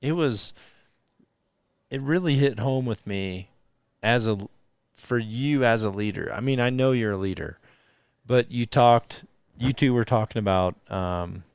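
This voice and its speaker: A man's voice: mid-range voice, unhurried, clean tone, no room sound. A man talking in a casual podcast conversation, rambling and restarting his sentences as he searches for words. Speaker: podcast guest, archer and bowhunter.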